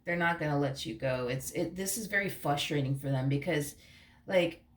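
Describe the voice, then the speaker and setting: A woman's voice: low-pitched, moderate pace, roomy sound. A woman giving a casual, rambling tarot reading, emphatic and searching for words, swearing now and then. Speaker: tarot reader.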